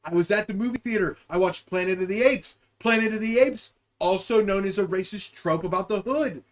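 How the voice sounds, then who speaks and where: A young man with a strikingly high-pitched voice, hosting a live stream and talking straight to his chat. He rambles and jokes, swears freely and hops from one word association to the next. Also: brisk. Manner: rambling, joking, profane, riffing on word associations. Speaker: podcast host and streamer.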